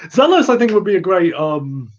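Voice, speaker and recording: A giggly man rambling through a casual chat show, his thoughts trailing through ums and uhs. His voice sits somewhat high for a man. The sound is muffled and lo-fi. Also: sing-song, normal speed. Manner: rambling, giggly, full of fillers. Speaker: host answering viewer questions. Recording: muffled lo-fi audio.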